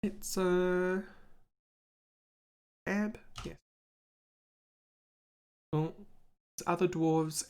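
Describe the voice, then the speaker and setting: A woman's voice: low voice, gravelly, a little mellow. A woman streaming a game live, chatting casually and thinking aloud to her viewers.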